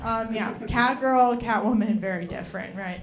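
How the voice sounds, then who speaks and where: A woman's voice: on the high side, normal speed. A young woman performing a stand-up comedy set, chatty and rambling, with lots of fillers.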